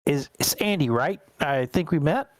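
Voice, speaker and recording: A man's voice: on the high side, lively intonation, normal speed, no room sound, close to an everyday voice. A man voicing a polite, businesslike female federal agent in a tabletop game, asking courteously with small hesitations.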